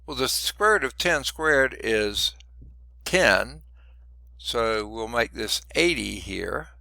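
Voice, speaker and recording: A man who is losing his voice teaches a math lesson, working through each step out loud with muttered asides. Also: medium pitch, expressive, slow pace, vocal fry, no room sound. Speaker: math instructor. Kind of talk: recorded lecture working through problems.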